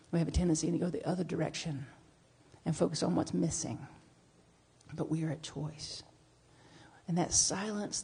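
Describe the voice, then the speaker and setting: Lady minister, middle-aged, gravelly voice, chatty sermon going soft then playful. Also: fairly low pitch. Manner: animated storytelling, shifting from hushed reflection to playful bursts. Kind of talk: conversational sermon.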